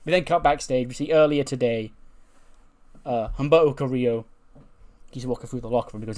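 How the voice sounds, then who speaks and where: A man casually recaps a wrestling simulation game, retelling each scene in a relaxed, chatty way. He chuckles often as he goes. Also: mid-range voice, fairly quick, long pauses. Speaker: game streamer.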